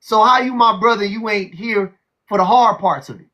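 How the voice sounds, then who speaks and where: A man hosting a heated call-in livestream, loud, profane and mocking, often repeating himself. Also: high-pitched, normal speed, muffled recording. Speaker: livestream host.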